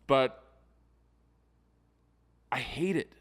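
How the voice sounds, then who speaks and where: Man, podcast co-host, casual chat, profane, animated. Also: medium pitch, drawn-out words. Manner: profane, animated, acts out voices. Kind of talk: casual conversation.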